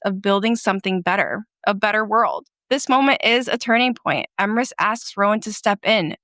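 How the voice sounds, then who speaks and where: A woman's voice: mid-range voice, fairly bright tone, no room sound, studio quality. Emphatic young woman gushing about a scene. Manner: emphatic, swears casually, emotional about scenes. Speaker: podcast co-host. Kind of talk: book recap podcast, casual chat.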